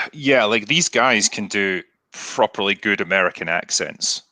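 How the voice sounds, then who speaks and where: A man's voice: lowish voice, expressive, measured pace, bright, forceful tone, dry recording. A British man hosting a casual video-call chat, reading viewer comments aloud with dry, wry humor. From Britain. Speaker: podcast host. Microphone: webcam video call.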